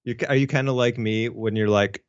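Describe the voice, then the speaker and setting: A man cohosting a podcast, chiming in with quick quips and reactions. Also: medium pitch, fairly even intonation, smooth, no room sound, dull audio. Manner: reacts with short laughs and quips. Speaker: guest cohost. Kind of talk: casual chat.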